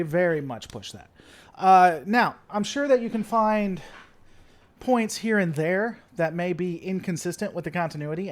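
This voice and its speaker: A livestream host chatting casually and answering viewer comments, playful and theatrical, often repeating stalling phrases. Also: mid-range voice.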